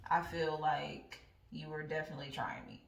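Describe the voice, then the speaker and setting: A young woman vlogger telling a casual, profane story in a blunt, animated way. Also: low voice, moderate pace, vocal fry. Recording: roomy sound from a distant mic.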